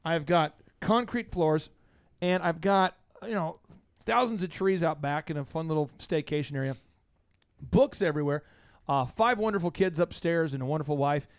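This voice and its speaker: A male podcast host chatting casually in a home basement room with concrete floors, talking with energy and rattling off long rapid lists. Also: a little high, smooth. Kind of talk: casual interview chat.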